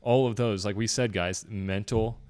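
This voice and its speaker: Deep-voiced man, eagerly affirming. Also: steady tone, a little mellow, clean tone. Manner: eager and affirming, backs his partner with quick agreement. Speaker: podcast co-host. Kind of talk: casual podcast conversation.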